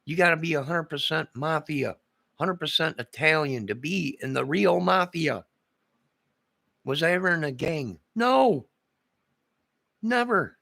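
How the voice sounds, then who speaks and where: A man's voice: fairly high pitch, gravelly, pushed and bright, no room sound. An older man, a vlogger, in an agitated, repetitive, rambling monologue.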